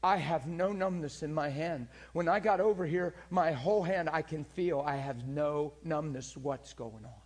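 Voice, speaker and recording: A man's voice: mid-range voice, steady tone, quick pace, creaky, few pauses, darkish tone, breathy edge. A man voicing a nervous, skeptical male store employee who is rattled and breathless. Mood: freaked out.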